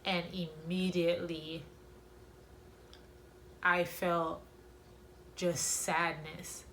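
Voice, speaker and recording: Woman telling a personal story slowly. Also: lowish voice, level tone, fairly bright tone, slight background noise. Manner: slow, reflective, with many pauses and fillers. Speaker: vlogger sharing a personal story.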